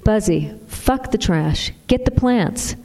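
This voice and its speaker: A woman's voice: mid-range voice, lively intonation, takes it slowly, darkish tone. Harried chain-smoking mom, blunt and swearing; woman narrator voices her, audiobook, reverberant. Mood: angry. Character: harried chain-smoking mother, foul-mouthed, short-tempered.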